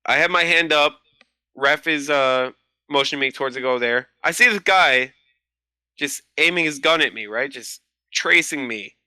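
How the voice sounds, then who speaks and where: A man in his twenties, a podcast guest in casual chat, telling animated stories and swearing freely. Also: a little high, moderate pace, smooth, no room sound.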